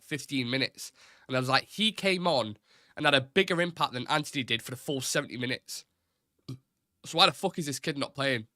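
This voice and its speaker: A man hosting a fan live stream, talking in a loose, rambling way with firm opinions and casual swearing. His voice is bright and forward. The sound is dry and close to the mic, with no room around it. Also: medium pitch, no echo. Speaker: host of a football fan show.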